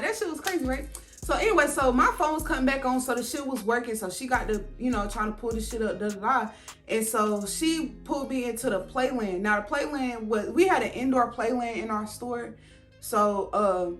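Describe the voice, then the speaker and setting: Woman, high voice, casual storytime, swearing, talks straight to viewers, faint music behind. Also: normal speed. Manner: profane, animated, addresses viewers directly. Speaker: vlogger telling a story.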